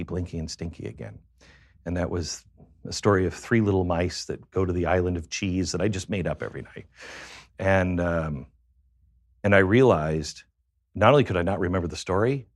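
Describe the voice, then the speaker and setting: A man's voice: deep voice, no room sound, studio quality. A man, a guest on a talk show, tells a personal story in a reflective way that halts on many fillers.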